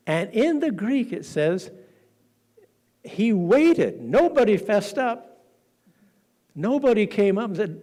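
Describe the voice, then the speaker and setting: A man's voice: high-pitched, very animated, takes it slowly, pauses often, dark tone. A man preaching a sermon in a church, dramatic and acting out the quoted lines as he tells the story.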